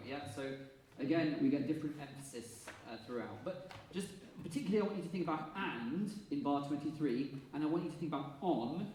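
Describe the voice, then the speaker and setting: An Englishman leading a choir rehearsal, briskly encouraging and quick to laugh. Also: a little high, a little mellow, slight background noise. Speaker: choir conductor. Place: rehearsal hall. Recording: echoey hall from far off.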